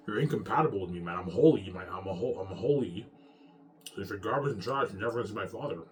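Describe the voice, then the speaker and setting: A man's voice: lowish voice, lively intonation, quick pace, slight background noise. A man giving a rambling vlog monologue, profane, emphatic and repetitive. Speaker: vlogger.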